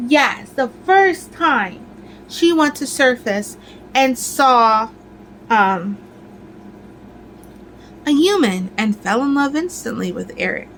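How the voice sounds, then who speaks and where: A woman talks casually to her viewers in a lively, ranting way, full of fillers and restarts. Her voice sits a little high. A faint hum runs under the recording. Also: rough recording. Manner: animated, ranting, lots of fillers. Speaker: crafting vlogger. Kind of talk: casual chat.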